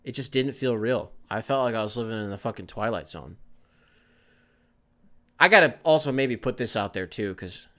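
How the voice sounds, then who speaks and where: A man hosting a solo sports podcast, ranting in an animated, exasperated way and swearing freely. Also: fairly low pitch, normal speed, pauses often. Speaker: podcast host.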